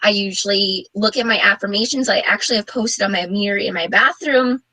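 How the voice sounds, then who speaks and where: A woman's voice: medium pitch, fairly quick, pushed and bright, no room sound, rough recording. A woman coaching in a casual motivational talk, earnest and loose with fillers. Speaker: network marketing coach.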